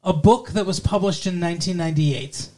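A young man with a notably high-pitched voice chats casually about a film. His talk rambles, full of fillers, false starts and self-corrections. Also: fairly quick, mellow. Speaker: podcast co-host reviewing a film. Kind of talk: casual conversation.

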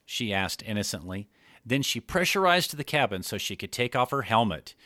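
A man narrating an adult fiction story in a measured storytelling manner. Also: fairly low pitch, very animated, bright, forceful tone, no room sound, clean studio sound.

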